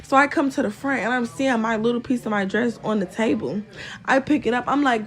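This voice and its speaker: A woman's voice: on the high side, fast talker. Chatty exasperated young woman vlogger. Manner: chatty and exasperated, addresses viewers as y'all, fills with "or whatever". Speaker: storytime vlogger. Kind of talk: casual storytelling to camera.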